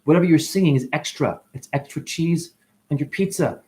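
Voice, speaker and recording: Animated man with sudden pitch jumps. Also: a little fast. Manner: calls the listener honey, drops into whispers. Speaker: spiritual vlogger. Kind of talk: free-flowing spiritual monologue.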